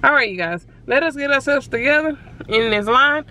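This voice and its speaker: A woman's voice: high-pitched, lively intonation, fairly quick, pushed and bright, a little hiss or hum, rough recording. A woman co-hosting a casual vlog from her car, full of sassy, teasing banter. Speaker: vlog co-host. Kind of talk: casual vlog chat and ordering. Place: car at a drive-thru.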